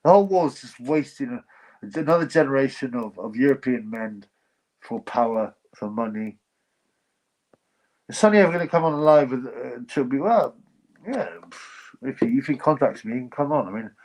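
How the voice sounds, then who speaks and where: A man's voice: mid-range voice, a little mellow, low-quality recording. A man hosting a casual livestream, reading chat comments and giving blunt, rambling opinions. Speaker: livestream host.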